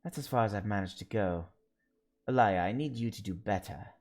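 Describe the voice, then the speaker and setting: A man streaming a story game, reading the lines of several characters aloud and slowly sounding out invented words. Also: fairly low pitch, darkish tone.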